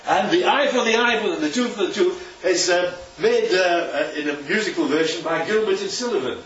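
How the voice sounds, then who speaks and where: A man preaching a sermon from a distance, his voice bouncing around an echoey room. He talks in a loose, conversational way, often tossing out rhetorical questions. His pitch sits a little high and swings widely. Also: animated, brisk, a bit bright, lo-fi sound, a little hiss or hum.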